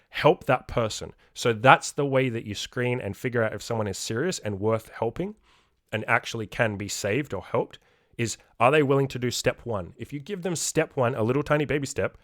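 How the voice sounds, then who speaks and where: Young man, self-improvement coach, blunt and profane, mid-pitched voice, dry close sound. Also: dry recording. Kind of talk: podcast monologue.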